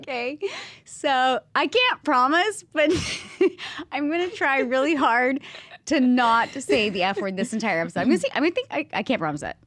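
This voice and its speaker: A woman's voice: high-pitched, expressive, normal speed, fairly bright tone, dry recording. A woman co-hosting a podcast in casual chat, giggly and playful as she tells stories. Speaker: podcast co-host.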